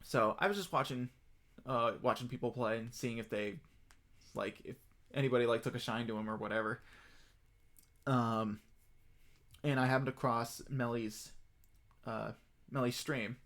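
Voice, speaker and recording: A man talking on his stream in a loose, rambling way, full of fillers and restarts. His voice sits at an ordinary middle pitch. Now and then it jumps up high with glee. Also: moderate pace, long pauses. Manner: rambling, excitable, many fillers. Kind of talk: casual stream chat.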